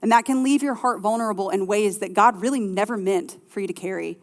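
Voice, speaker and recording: A middle-aged woman, preaching a sermon in a lively, conversational way with playful asides. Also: medium pitch, fast talker, in a large hall. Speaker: pastor.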